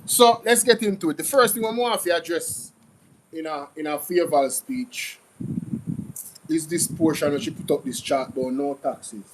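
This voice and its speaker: A Jamaican man hosting a casual commentary show, talking in an animated, repetitive, mocking way. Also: a little high, normal speed, background noise. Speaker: commentary channel host.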